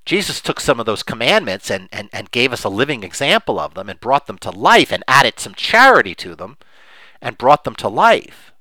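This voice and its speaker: A man's voice: mid-range voice, big pitch swings, moderate pace, sharp tone, dry recording, low-quality recording. A man hosting a podcast, arguing emphatically and impassioned, with frequent restarts. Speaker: podcast host. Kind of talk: opinionated podcast talk.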